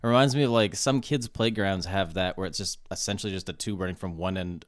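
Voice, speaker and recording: Low-voiced joking man in casual chat. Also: fast talker, no room sound, clean studio sound. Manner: joking, swears, imitates characters. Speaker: podcast co-host.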